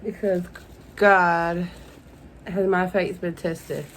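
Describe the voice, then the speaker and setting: A woman's voice: fairly low pitch, unhurried, a little hiss or hum, poor audio. A young woman unboxing beauty products in a casual vlog, gushing and emotional and calling her viewers "y'all". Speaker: beauty vlogger.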